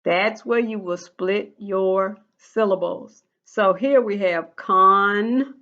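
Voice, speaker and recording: A woman teaching young children in a recorded lesson, speaking slowly and patiently. She drills each rule by repeating it, and her voice comes through a dull, lo-fi recording. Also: medium pitch, fairly even intonation. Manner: slow, patient, repeats rules in a sing-song drill. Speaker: first grade teacher.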